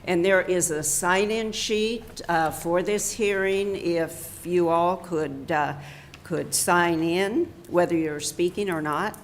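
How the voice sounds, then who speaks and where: Slow-reading woman commissioner. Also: fairly low pitch, slight background noise. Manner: slow, deliberate reading with fillers. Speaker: county commissioner presiding over a hearing. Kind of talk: formal public hearing. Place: county meeting room.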